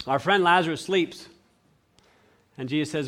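A man preaching a sermon, animated and acting out the voices of the people he quotes. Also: on the high side, moderate pace. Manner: clears throat often.

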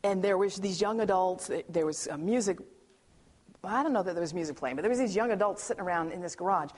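A woman sharing a personal testimony as an animated story, acting out quotes and often restarting her sentences. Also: mid-range voice, fast.

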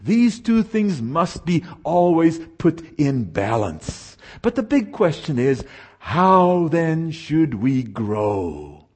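Animated husky-voiced male preacher. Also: fairly high pitch. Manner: emphatic, slows down to stress scripture, asks audience questions. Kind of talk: sermon.

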